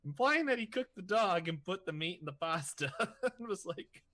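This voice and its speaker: A man's voice: high voice, lively intonation, moderate pace, bright, forceful tone. A man co-hosting a podcast, chatting casually, laughing often and reading aloud a plot summary. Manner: laughs often, short reactions. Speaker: podcast co-host. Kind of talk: casual chat.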